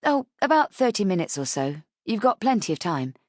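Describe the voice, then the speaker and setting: A woman's voice: mid-range voice, big pitch swings, a little fast, no echo, clean studio sound, voice pushed up, close to an everyday voice. A woman voicing a hurt young mother who speaks in a clipped, strained way.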